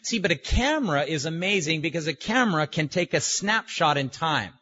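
A man preaching a sermon, slow and emphatic, with deliberate pauses. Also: a little high, animated, bright, forceful tone. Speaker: pastor. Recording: dull lo-fi recording.

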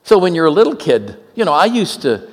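A man in his seventies from Oakland, California, preaching a sermon with humorous stories, joking and animated, with quick asides. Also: fairly high pitch, long reverb tail. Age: 70s.

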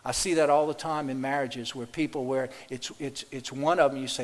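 A man's voice: mid-range voice, steady tone, brisk, hardly any pauses. A male pastor preaching a sermon to his congregation, folksy and repetitive, talking straight to the pews. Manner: folksy, repeats words, addresses congregation directly. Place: church. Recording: long hall reverb.

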